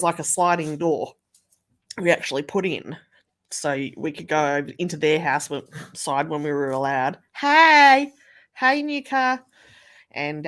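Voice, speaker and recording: A woman telling a story in a casual livestream, chatting and swearing freely. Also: deep voice.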